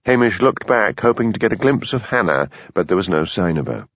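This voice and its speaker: A male audiobook narrator reading in a measured, even way. His voice sits on the low side. The recording is dry and slightly lo-fi. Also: dry recording. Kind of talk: scripted narration.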